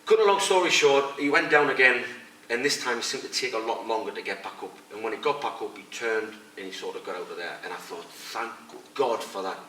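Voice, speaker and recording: On the low side and fairly quick, this middle-aged man, a former fighter turned coach, tells blunt fight tales in a casual interview and acts out others' lines. Sound is echoey with a distant mic and some faint noise.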